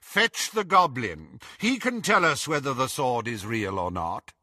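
A haughty, cold aristocratic man, as a reader voices him, cool and measured in his unhurried commands. The voice is bright and dry, close to the microphone. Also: medium pitch, big pitch swings, no echo, full character voice.

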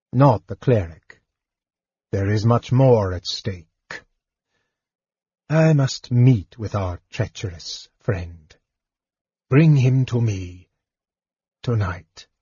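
A man's voice: mid-range voice, dark tone, slightly rough, no echo, highs cut off. A man voicing a scheming, irritable dragon in human form in an audiobook, snarling and impatient.

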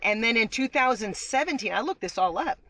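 A woman's voice: on the high side, lively intonation, a little fast, bright, forceful tone, rough recording. A woman hosting a podcast, chatting casually as she reads out fan news items. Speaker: podcast host.

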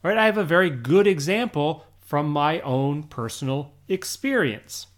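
An English teacher with an American accent hosting a podcast lesson for learners, explaining slowly and deliberately and often checking in with the listener. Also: mid-range voice, expressive.

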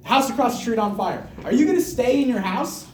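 A high-pitched man pumps up his team with a hyped, repetitive motivational talk and laughs often. He stands a little way from the mic, and his voice echoes around the room. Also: expressive, fairly quick, recorded from a distance, slight background noise. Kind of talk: motivational speech to a group.

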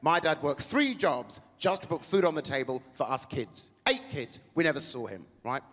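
A man's voice: fairly high pitch, moderate pace. A man performing a stand-up comedy set, acting out the people he quotes. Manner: animated, acts out the people he quotes. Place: large theatre with a live audience. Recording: reverberant hall, crowd laughter.

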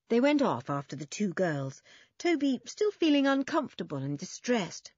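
A woman narrating a children's adventure story in an expressive, lively reading. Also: a little high, moderate pace, no echo, highs cut off. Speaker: audiobook narrator.

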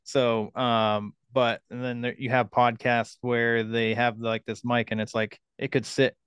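A man hosting a podcast in casual conversation, speaking haltingly with many ums and restarts into a studio mic. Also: mid-range voice, flat delivery, fairly bright tone, smooth, no echo. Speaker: podcast host.

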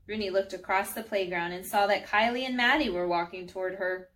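A woman's voice: medium pitch, brisk, slight background noise. Friendly woman storyteller, reading a picture book aloud for children. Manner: gentle, friendly, addresses children.

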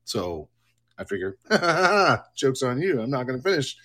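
A man hosting a casual livestream, rambling and excitable, swearing as he goes. His voice has a gravelly, husky grain and rises and falls in a lively way. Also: medium pitch, a little slow. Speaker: livestream host.

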